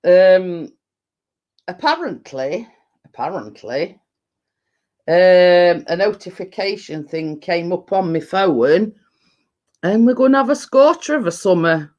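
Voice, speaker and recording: Rambling deep-voiced Yorkshire woman. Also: a little slow, a little mellow, highs cut off. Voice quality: a bit deep. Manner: rambling, full of fillers and restarts. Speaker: livestream host. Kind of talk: casual live chat.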